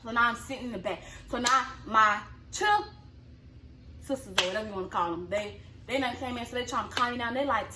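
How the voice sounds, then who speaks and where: A young woman telling a story in casual chat, animated, acting out quotes in a high yelling voice. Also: fast talker. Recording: echoey room with clear background noise.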